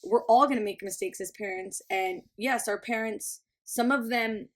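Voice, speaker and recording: A woman talks heartfelt and candid in a casual chat with friends, her voice sitting a little high. She says "like" a lot and speaks from her own experience as a mother. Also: moderate pace. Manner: earnest, heartfelt, lots of "like". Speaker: podcast co-host; parent of a young son.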